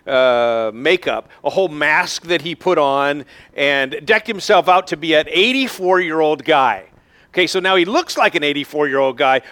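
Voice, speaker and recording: Pastor, male, higher-pitched voice, chatty sermon delivery with ums and uhs. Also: fairly bright tone. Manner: conversational storytelling with frequent fillers.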